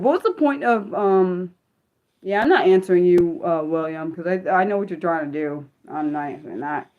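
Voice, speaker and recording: A woman's voice: on the low side, moderate pace, mellow. A woman hosting an unscripted livestream, reading her chat aloud and venting with frequent swearing. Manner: reads and answers chat aloud. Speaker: livestream host.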